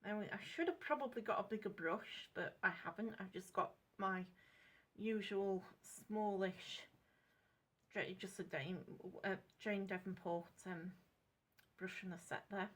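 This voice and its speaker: A woman's voice: medium pitch, unhurried, a bit bright. An English woman chatting casually and unscripted in a craft vlog, rambling, correcting herself and apologising as she goes. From England. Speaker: craft vlogger.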